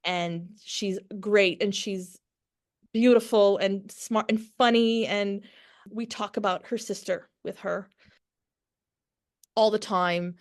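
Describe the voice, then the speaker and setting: A woman in her forties, a podcast guest talking candidly in conversation, frank and quick to laugh, with frequent restarts. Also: mid-range voice, steady tone.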